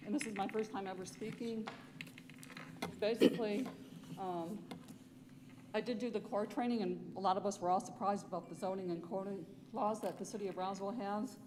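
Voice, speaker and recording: A woman speaks at public comment in a council chamber, earnest and explanatory, in a mid-pitched voice. Long hall reverb and faint noise surround her. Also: steady tone, moderate pace.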